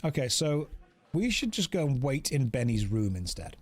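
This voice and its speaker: A man's voice: mid-range voice, sing-song, normal speed, dry recording. An Englishman with an English accent, casually commentating his game stream in a joking, self-mocking way.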